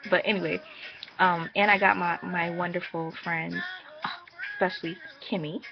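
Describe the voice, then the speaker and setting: A woman's voice: normal speed, gravelly, a crowd in the background. Chatty young woman telling a storytime vlog. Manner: chatty, animated, laughing, jumps to high pitch when exasperated. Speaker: vlogger. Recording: muffled with music playing behind.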